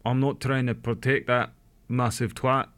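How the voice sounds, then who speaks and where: A man's voice: medium pitch, little pitch movement, normal speed, fairly bright tone, clear, resonant tone. Joking, swearing male player. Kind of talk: casual tabletop game banter.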